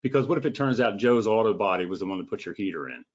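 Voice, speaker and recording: A man's voice: lowish voice, lively intonation, very fast. Blunt, sarcastic male home inspector. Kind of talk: casual podcast conversation. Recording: slightly dull lo-fi audio.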